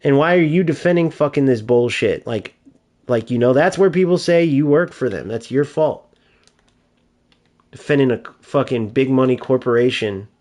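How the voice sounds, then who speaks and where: A man's voice: mid-range voice, expressive, normal speed, darkish tone. A man streaming a video game, ranting in casual, profane commentary.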